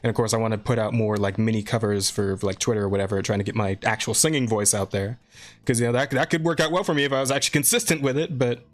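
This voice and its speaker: A man's voice: lowish voice, fairly even intonation, quick pace. A man co-hosting a podcast, chatting loosely and rambling, with casual swearing.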